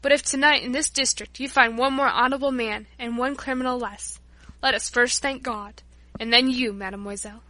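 A woman's voice: on the high side, fairly even intonation, brisk, few pauses, sharp tone, dry recording. A woman reading an audiobook, voicing a humble, repentant male Breton workman and former drunkard, with an earnest, pleading delivery. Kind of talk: audiobook narration.

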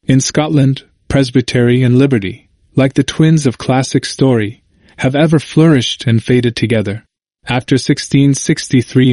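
A man reading a history book aloud as a narrator, in a measured, steady way. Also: mid-range voice, no room sound, clean studio sound.

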